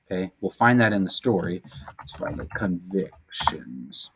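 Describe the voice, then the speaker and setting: A man's voice: low voice, lively intonation, creaky, slight background noise. Chatty male teacher lecturing. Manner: conversational, explains terms with casual asides and quick rhetorical checks. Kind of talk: recorded classroom lecture over slides.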